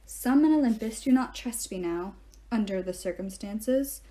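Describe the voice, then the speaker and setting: A woman reading aloud, voicing a weary, kindly male centaur teacher who speaks calmly and gravely. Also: medium pitch, normal speed, close to an everyday voice. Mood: grave, gentle. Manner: calm, gentle and grave.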